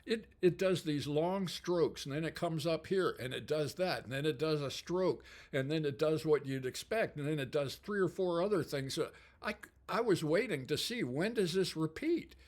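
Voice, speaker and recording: An older man spins a long anecdote in a fairly high, animated voice. He chuckles often and slips into other people's voices as he tells it. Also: moderate pace. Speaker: guitar amplifier company founder. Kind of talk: anecdotal storytelling.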